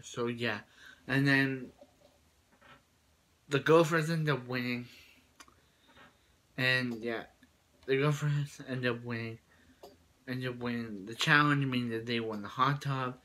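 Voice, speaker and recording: A man's voice: medium pitch, a little slow, pauses often, sharp tone. A man casually recapping a cartoon episode in a rambling way, full of fillers and restarts. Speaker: show reviewer.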